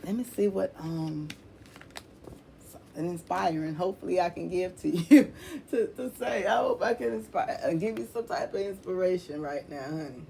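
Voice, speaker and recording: A woman's voice: fairly low pitch, animated, normal speed, creaky, mellow, a little hiss or hum. A woman giving a casual tarot reading, blunt and emphatic, swearing freely, repeating herself and calling the listener honey. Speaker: tarot reader.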